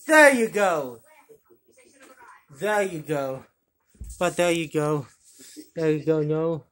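An actress delivering film dialogue in a slow, measured way. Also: female voice, low-pitched, expressive.

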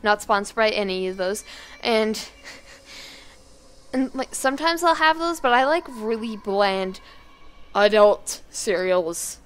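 A teenage girl chatting casually and rambling while playing a game at her home computer, now and then breaking into sudden yells. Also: mid-range voice, animated, slow, pauses often, clear, resonant tone. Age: teens. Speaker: gaming YouTuber. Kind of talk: let's play commentary. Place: kitchen at home.

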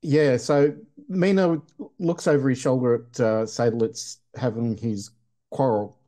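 A man playing a tabletop game, describing his character in a halting way. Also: mid-range voice, steady tone, warm tone. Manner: halting, stops and restarts. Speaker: player. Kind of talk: casual tabletop play.

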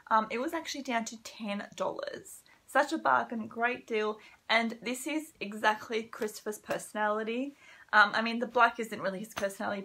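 A woman's voice: a little high, gravelly, bright, forceful tone. A young woman, chatting upbeat through a casual haul vlog, with frequent ums. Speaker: vlogger.

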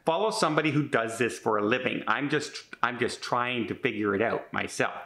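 A man's voice: mid-range voice, fairly quick, fairly bright tone. A man in his fifties talking in a casual vlog, chatty and rambling with many restarts, earnest and a bit defensive. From Canada. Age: 50s. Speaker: vlogger.

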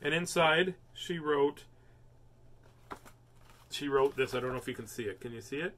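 At a moderate pace, an older man with a medium, slightly bright voice reads picture books to viewers live, with slight background noise. He's chatty, playful and quick to be amused.

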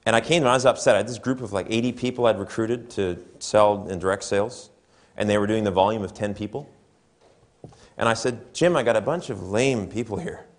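Speaking briskly in a lowish voice, this man gives a motivational keynote before a conference hall audience. His seminar talk is conversational, and he regularly asks the listeners questions.

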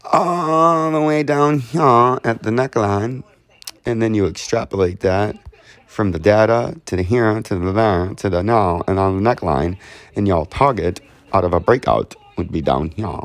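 A man's voice: low voice, darkish tone, dry recording. A man hosting casual chart commentary, rambling with jokes and repetitive riffs. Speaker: host.

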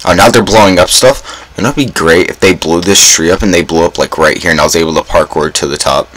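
A young man talks through a game in a very low, deep voice. His commentary is casual and self-mocking, peppered with groans and sudden dramatic exclamations. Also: fast talker, a bit bright, poor audio. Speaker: gaming YouTuber.

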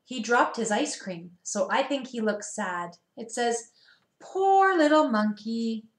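A preschool teacher reads picture books aloud in a gentle, sing-song way, stopping to ask the children questions. Her voice sits a little high for a woman, and it rings in a roomy, echoey space. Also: a little slow. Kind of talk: storybook read-aloud for young children.

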